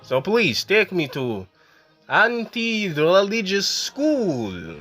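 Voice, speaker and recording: A man voicing a polite, nervous male teacher newly arrived abroad, speaking in slow, broken, hesitant phrases. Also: a little high, very animated, sharp tone, soft background music, pitched above the performer's own voice, full character voice.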